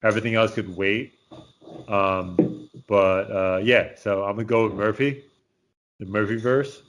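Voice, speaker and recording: Relaxed, low-voiced man. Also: measured pace, rough recording. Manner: relaxed, hesitant with fillers. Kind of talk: casual chat.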